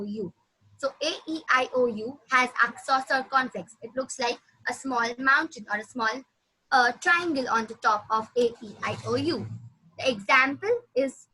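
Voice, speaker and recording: A woman teaching a language lesson, patiently repeating words slowly for her student. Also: sits high, bright, forceful tone, husky, poor audio. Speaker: French teacher.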